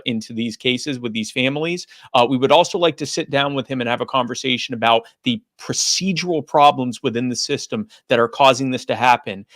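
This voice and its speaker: A man speaking as an advocate on a livestream panel, in a mid-pitched voice. He talks earnestly, stopping often on ums and restarting his sentences. The recording is dry and close. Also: a bit bright, dry recording. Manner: earnest, hesitant with many fillers and restarts. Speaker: advocate guest.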